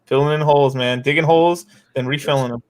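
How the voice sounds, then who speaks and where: A man's voice: a little high, fairly even intonation, quick pace. A man chatting casually on a livestream, joking in a laid-back way.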